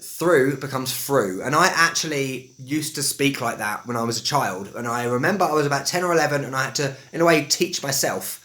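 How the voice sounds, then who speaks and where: Bright-voiced man with an Estuary English accent. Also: mid-range voice. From England. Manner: chatty, drawls words out slowly when demonstrating. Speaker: English teacher. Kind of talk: casual video lesson.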